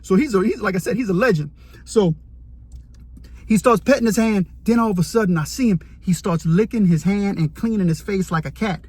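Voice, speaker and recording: A man telling a story about his time in prison, animated and dramatic, acting out what he saw. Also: high voice, fairly quick, slightly rough, no room sound. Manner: animated, vivid, dramatic retelling. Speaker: storyteller, former inmate. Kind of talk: casual storytelling to camera.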